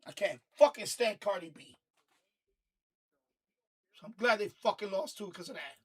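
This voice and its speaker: High-voiced man in a profane rant. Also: normal speed, slightly rough. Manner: heated, profane, repetitive ranting. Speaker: live stream host. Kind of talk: casual ranting commentary.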